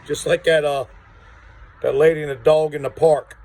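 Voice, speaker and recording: A man's voice: a little high, fairly even intonation, moderate pace, darkish tone, rough recording. A man telling a rambling story to camera outdoors, repeating words and acting out what others said. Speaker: vlogger. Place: outdoors on rural property.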